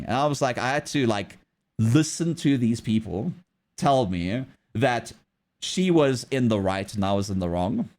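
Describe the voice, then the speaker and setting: A man's voice: medium pitch, expressive, normal speed, darkish tone. A man streaming live while drawing, chatting casually and telling a story in a rambling way with many restarts. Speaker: livestreamer.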